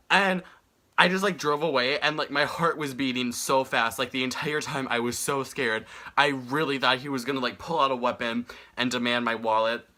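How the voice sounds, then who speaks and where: A young man telling a story on his vlog in an animated, exasperated way. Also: mid-range voice. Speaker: vlogger.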